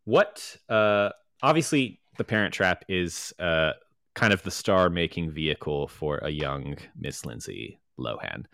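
A man's voice: low-pitched, unhurried, vocal fry, no echo, clean studio sound. A man co-hosting a movie podcast, chatting casually and sharing behind-the-scenes trivia. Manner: relaxed, swears casually, shares trivia. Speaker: podcast co-host.

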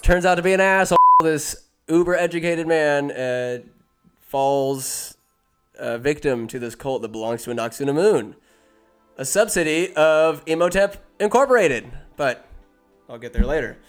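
A man's voice: a little high, moderate pace, fairly bright tone, smooth, faint music behind. A man giving a rambling comic movie recap, full of jokey asides and self-interruptions.

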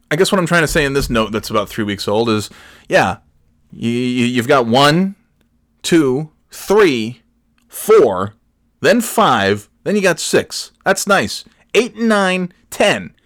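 A man in his forties hosts a solo comedy podcast, wandering from tangent to tangent while swearing and restarting sentences. His voice is mid-range and a little bright, captured in a dry, studio-quality recording.

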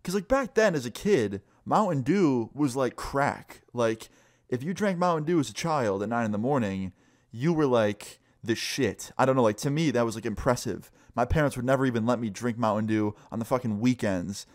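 A man's voice: medium pitch, lively intonation, moderate pace, no echo, clean studio sound. A young man casually telling a story, rambling with lots of "like" and swearing freely. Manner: loose, profane, full of "like".

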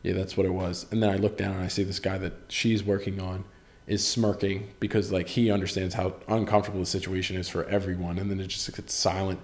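A man's voice: low-pitched, level tone, fast talker. Rambling young man telling a podcast story. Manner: rambling, self-deprecating, swears casually. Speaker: podcast host.

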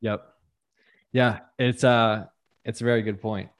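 A podcast host with a fairly low, unhurried voice chats casually with a guest. He sounds relaxed and agreeable, sprinkling in loose filler words.

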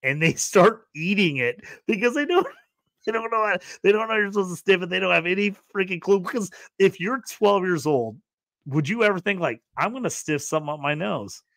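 A man hosting a casual movie review podcast, animated and laughing, acting out quotes in the talk. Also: high-pitched, a little fast, dry recording. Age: adult who grew up in the eighties. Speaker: podcast host.

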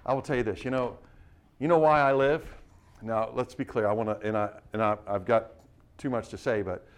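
Guy preaching to a class, keeps firing questions at them, restarts a lot, mid-pitched voice. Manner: exhortative, rapid rhetorical questions, frequent restarts. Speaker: preacher teaching a missionary class. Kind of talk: sermon-style teaching.

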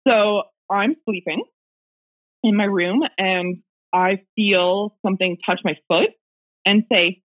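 A woman's voice: medium pitch, steady tone, slow. A woman guest casually telling a personal ghost story, rambling with fillers and little laughs, heard over a remote call. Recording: tinny phone-line audio.

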